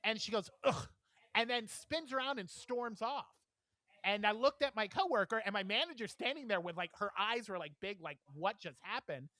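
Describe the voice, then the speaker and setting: A man telling a story on a podcast, with a bright, forceful voice and dry close-mic sound. He acts out the people in his story and laughs through the telling. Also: high voice, a little fast, no room sound. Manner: animated storyteller, acts out quotes, laughs often. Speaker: podcast co-host. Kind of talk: casual chat, storytelling.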